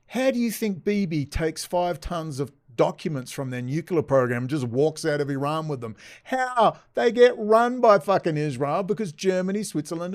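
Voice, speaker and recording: A man with a fairly high-pitched voice rambles through a story on his own video. He swears freely and sounds agitated, and he wanders from one tangent to the next as he talks close to the mic. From Australia. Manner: profane, agitated, digressive. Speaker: vlogger.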